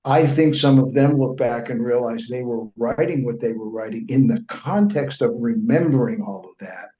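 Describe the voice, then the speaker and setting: A man who writes and reports appears as an interview guest, telling long anecdotes full of restarts and fillers and acting out other people's remarks in quoted speech. His voice is medium-pitched and warm at a moderate pace. The room is echoey and the sound dull and lo-fi.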